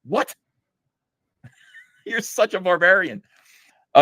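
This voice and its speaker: A man's voice: high-pitched, big pitch swings, slow pace, pauses often, sharp tone, dry recording. Sarcastic man mocking a comic. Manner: sarcastic, incredulous, laughs at the text. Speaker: comic book reviewer. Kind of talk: mocking read-through review.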